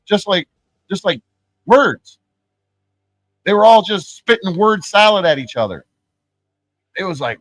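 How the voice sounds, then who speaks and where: Man, streamer, ranting commentary, profane, rambling, slightly high voice, dry sound. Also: lively intonation, fairly quick, no room sound, low-quality recording. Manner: repeats and restarts words.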